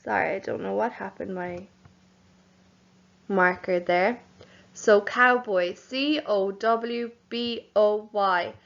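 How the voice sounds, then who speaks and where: A young woman teaching young children, speaking slowly and clearly, spelling words out letter by letter and calling them boys and girls. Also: mid-range voice, fairly even intonation, highs cut off. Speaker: primary school teacher. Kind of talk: home learning lesson for young children.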